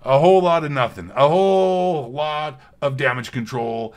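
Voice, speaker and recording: A man's voice: a little high, moderate pace, a little mellow. A man ranting in a video commentary on a multiplayer shooter. He is profane, sarcastic and heated, and he repeats himself for effect. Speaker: gaming commentator.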